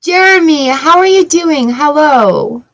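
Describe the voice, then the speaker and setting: A woman's voice: sits high, expressive, takes it slowly, a bit bright, low-quality recording. A woman reading tarot cards for a live audience, chatty and upbeat, greeting viewers by name between cards. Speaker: tarot reader.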